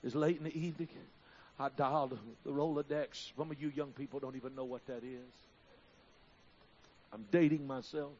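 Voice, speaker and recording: A man in his fifties preaching a sermon at a church service, telling stories and building up to shouted climaxes. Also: medium pitch, fairly even intonation, normal speed, long pauses, a little hiss or hum. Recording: dull lo-fi recording.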